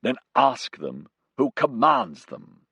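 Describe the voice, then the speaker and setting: A man voicing a stern British army captain who gives brisk commands in a raised voice. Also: on the low side, big pitch swings, a bit bright, slightly rough, no echo, pitched above the performer's own voice, exaggerated voice. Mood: brusque.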